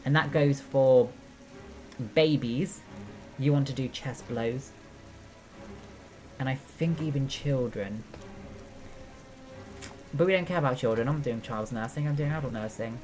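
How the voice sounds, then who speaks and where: Soft music plays behind a young woman whose rumbling low voice comes out a little slow and a little mellow, with long pauses. A nursing student who streams, she chats casually over her game, breaking things down step by step amid many fillers and chatty asides.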